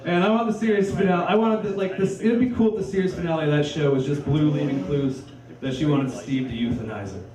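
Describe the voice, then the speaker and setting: A man's voice: fairly high pitch, fast talker, a little mellow. A man performing a crude, rambling, self-deprecating stand-up comedy set. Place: comedy club stage with live audience. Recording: echoey club, distant mic, crowd laughter.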